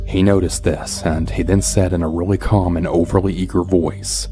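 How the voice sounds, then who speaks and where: A man narrating a true horror story in the first person, calm and even. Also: sits low, normal speed, few pauses. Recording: soft background music.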